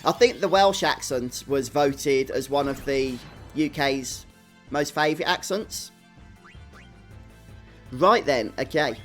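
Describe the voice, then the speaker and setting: A man's voice: mid-range voice, takes it slowly, pauses often, soft background music. A young man with a Birmingham accent commentating a live game stream, chatting with viewers in a self-deprecating, laughing way. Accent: Birmingham (Brummie). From England. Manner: chatty, reads and answers chat viewers.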